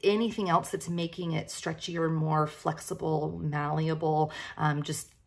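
A woman's voice: deep voice, little pitch movement, measured pace, creaky. A woman who is a breastfeeding medicine physician, giving a friendly hands-on demonstration and often checking in with "okay?".

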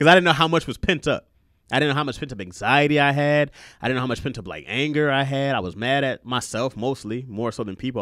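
A man's voice: medium pitch, a bit bright, no room sound, studio quality. A man in his thirties hosting a podcast, talking loosely and profanely and laughing often. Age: 30s. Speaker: podcast host. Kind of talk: casual podcast chat.

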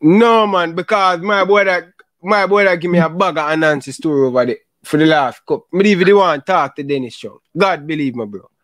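Jamaican male host, raised pitch, dry recording, casual patter. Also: fairly quick, a bit bright, dry recording. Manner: apologetic, laughing often, repeats "brother". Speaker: football talk show host. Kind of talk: casual argumentative chat.

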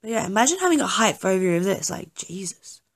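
A young woman with a mid-range, sing-song, slightly rough voice chats casually and a little quickly over gameplay. This gaming YouTuber keeps apologizing and making jokes at her own expense.

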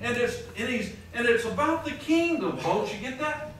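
A man's voice: very high voice, lively intonation, normal speed, fairly bright tone. A man preaching a sermon as pastor, reading scripture aloud and putting questions to his congregation. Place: large conference hall. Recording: echoey hall, distant mic, faint noise.

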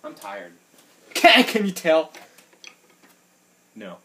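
A woman vlogging at home on a handheld camera, rambling casually, swearing often, jumping between loud yelling outbursts and low muttering. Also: wildly swooping pitch, drawn-out words, pauses often. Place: at home, walking through rooms.

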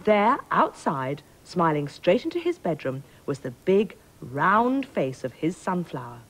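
Expressive woman storyteller. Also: on the low side, measured pace. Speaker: presenter. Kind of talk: children's storybook narration.

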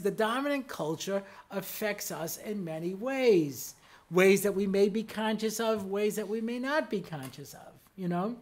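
This is a middle-aged American man, a rabbi, lecturing humorously in a high voice at normal speed. He strings together anecdotes in a talkative manner and keeps adding "you know" asides.

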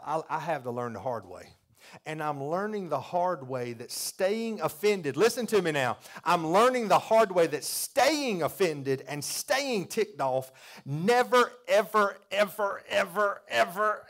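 Folksy man preaching a sermon. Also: medium pitch. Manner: folksy, confessional, builds to loud repeated emphasis. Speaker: pastor.

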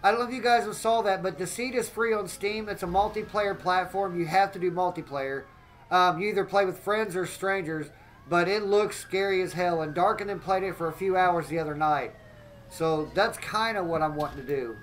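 A man giving excitable live gameplay commentary as a streamer, often exclaiming and greeting his chat. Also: sits high, normal speed, slight background noise, poor audio.

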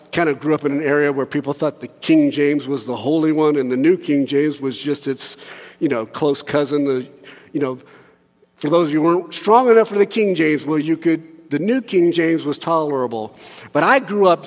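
A man with a notably high voice preaches from a church sanctuary, his words trailing into a long reverberant hall. He talks to the congregation casually and with humour, dropping to quiet asides and rising to loud, urgent pleading. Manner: conversational and joking, swings from soft to loud pleading. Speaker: pastor. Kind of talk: sermon.

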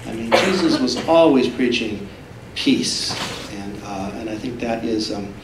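A man gives an animated public lecture and acts out the voices in the stories he tells. His voice sits at an ordinary pitch. He is recorded from some distance in a roomy hall, with faint room noise behind him. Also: unhurried. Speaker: author giving a talk. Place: public library talk room.

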